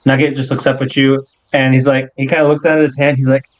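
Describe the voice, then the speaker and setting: A man runs a tabletop game, narrating in a loose, unhurried way full of "like" and small restarts. His voice sits in a middle pitch. The recording is dry and somewhat dull. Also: level tone, no room sound. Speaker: game master.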